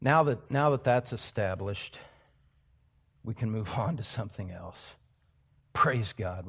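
A male pastor preaching an expository sermon in a church, emphatic, dropping to hushed asides and rising to loud exclamations. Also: fairly low pitch, lively intonation, takes it slowly, gravelly, pauses often, slightly rough.

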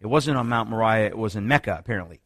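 A man preaching in a sermon-style teaching talk, telling stories with lively energy and frequent restarts. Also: fast, no room sound, studio quality. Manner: animated storytelling, many restarts, rising pitch when excited. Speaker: preacher teaching on another religion.

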